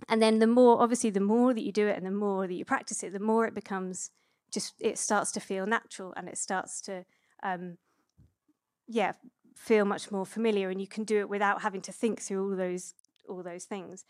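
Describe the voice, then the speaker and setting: Chatty woman giving a relaxed sermon. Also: medium pitch, normal speed, no room sound, clean studio sound. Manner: chatty and relaxed, with many fillers and self-corrections. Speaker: preacher. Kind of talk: conversational sermon.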